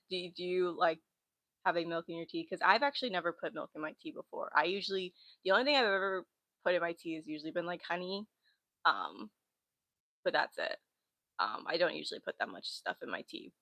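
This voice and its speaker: A woman's voice: fairly low pitch, creaky, a bit bright, dry recording. A young woman in her twenties rambling and giggling through casual livestream chat into a laptop mic at home. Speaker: livestream host.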